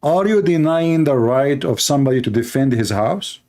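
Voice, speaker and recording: A man's voice: mid-range voice, animated, normal speed, darkish tone. A man with Arabic as his first language, giving scornful, heated commentary on a video clip in broken English.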